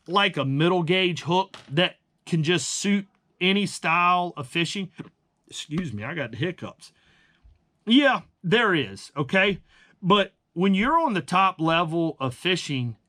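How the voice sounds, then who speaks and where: A man's voice: high voice, pushed and bright. A man hosting a fishing channel, giving blunt, emphatic tips in casual talk and calling the viewers guys.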